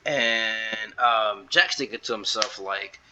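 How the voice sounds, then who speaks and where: A man's voice: fairly low pitch, slow, pushed and bright, lo-fi sound. A man casually recapping a story in a loose, rambling way full of fillers, as a video reviewer.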